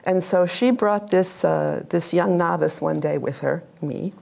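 A woman's voice: on the low side, a little slow, vocal fry, darkish tone. A middle-aged woman, a religious sister, giving a live lecture with slides to an audience, chatty, laughing often and asking the room questions.

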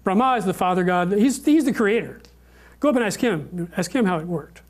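A man's voice: high-pitched, expressive, fairly quick. A man doing shrugging lesser gods. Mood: deferring. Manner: casual, shrugging. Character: group of modest lesser male gods, deferring upward.

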